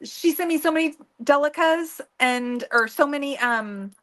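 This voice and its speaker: A woman's voice: high voice, normal speed, fairly bright tone. A woman co-hosting a casual beading livestream, talking in a rambling way with many fillers and restarts. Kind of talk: casual chat.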